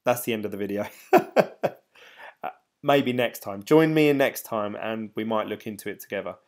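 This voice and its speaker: A man's voice: lowish voice, normal speed. A middle-aged man from England, chatting casually to viewers on a live stream, rambling and laughing between ums.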